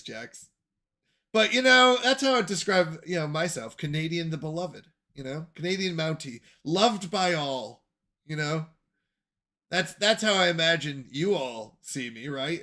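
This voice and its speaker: A young man chats casually on his stream, reading and answering viewers with a joking, self-deprecating manner and frequent laughs. His voice is bright and sits a little high for a man. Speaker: livestream host reading chat. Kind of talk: casual chat.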